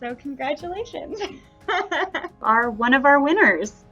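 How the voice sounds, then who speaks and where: Bright giggly woman announcing winners. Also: high voice, very animated, takes it slowly, soft background music. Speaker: program staff announcing winners. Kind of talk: cheerful announcement. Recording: dull muffled sound.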